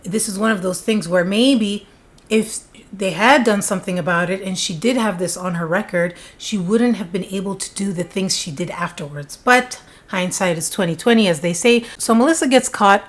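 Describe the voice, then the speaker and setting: A woman recounting a true-crime case in a chatty, conversational voice, with plenty of casual asides. Her pitch sits in an ordinary middle range for a woman. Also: normal speed.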